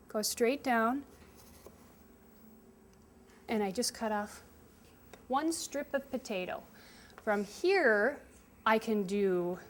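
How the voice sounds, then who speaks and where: A woman chef walks children through a cooking demonstration, explaining each step with patience. Her voice sits a little high. She keeps it simple and hands-on. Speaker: chef teaching kids.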